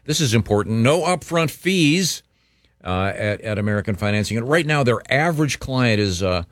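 Low-voiced man doing a casual live ad. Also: fast talker, a bit bright, dry recording, studio quality. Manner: loose, conversational, with fillers and restarts. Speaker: radio host reading an ad. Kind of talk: live-read radio ad.

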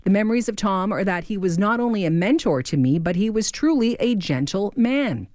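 A woman's voice: mid-range voice, animated, fairly quick, a little mellow, no echo. A woman hosting an afternoon radio show, reading a listener's email aloud in a heartfelt way, moved to tears, on a studio microphone. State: tearing up. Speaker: radio host. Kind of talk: radio host talk between songs.

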